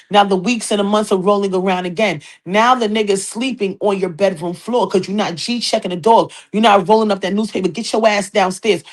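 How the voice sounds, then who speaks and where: A middle-aged woman hosting a hip hop gossip show, brash, profane and animated, talking straight to viewers. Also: mid-range voice. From New York City, Queens. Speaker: podcast host.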